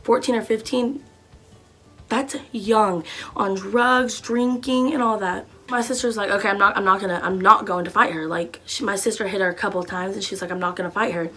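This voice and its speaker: Young woman, casual storytime vlogger; lively, profane delivery with shouted quotes. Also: medium pitch, brisk. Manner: animated, profane, swings into loud shouted quotes.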